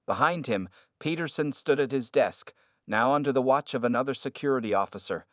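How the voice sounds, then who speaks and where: Steady man narrating a story. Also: medium pitch, fairly quick, no room sound, clean studio sound.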